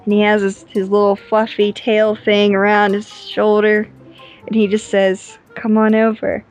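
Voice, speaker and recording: A woman's voice: medium pitch, monotone, unhurried, soft background music. A woman co-hosting a podcast, chatting casually and playfully, often giggling. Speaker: podcast co-host.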